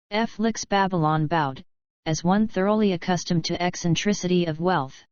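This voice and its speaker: A woman narrating an audiobook in an even, steady reading. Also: lowish voice, moderate pace, clean tone, no room sound, dull audio.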